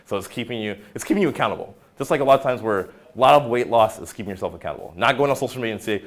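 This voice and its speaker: A man's voice: fairly low pitch, rapid-fire, hardly any pauses. A young man, a personal trainer, giving an informal wellness talk, joking and acting out quoted lines in silly voices. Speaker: fitness center personal trainer.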